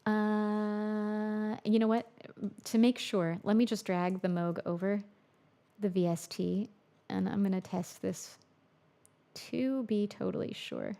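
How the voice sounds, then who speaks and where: Woman producer, casual stream talk, gravelly and dark in tone. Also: mid-range voice, fairly even intonation, slow. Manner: chatty, thinks aloud, reads viewer comments. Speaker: music producer livestreaming. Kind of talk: casual livestream chat while producing. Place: home music studio.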